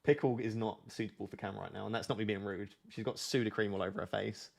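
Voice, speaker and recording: A man's voice: fairly low pitch, fairly even intonation, quick pace, creaky. Chatty man reading out chat questions. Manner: waffling, joking. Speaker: streamer. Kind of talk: casual live-stream chat.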